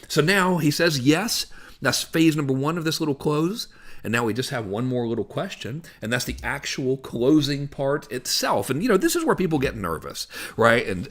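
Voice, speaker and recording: A man coaching on sales in a casual, instructional way, acting out parts of his calls as he explains. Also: a little high. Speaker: business coach.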